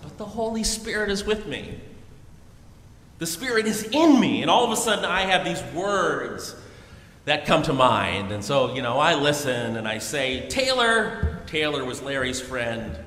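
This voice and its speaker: A man, an Episcopal priest, preaching a sermon and telling a story in a lively, storytelling way with chuckles, in a large church. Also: a little high, unhurried. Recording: echoey hall with long reverb.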